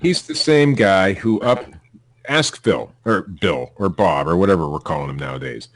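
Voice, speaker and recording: A man's voice: on the low side, animated, moderate pace, gravelly, no echo. A man hosting a casual podcast, reading news stories aloud with blunt, profane, sarcastic asides.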